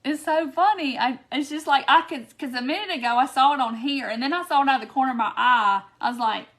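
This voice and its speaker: A woman's voice: high voice, fast, a bit bright. A woman hosting a live craft tutorial, chatty and laughing often as she reads viewer comments by name. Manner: giggly, keeps breaking into laughter. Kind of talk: casual live-stream chat.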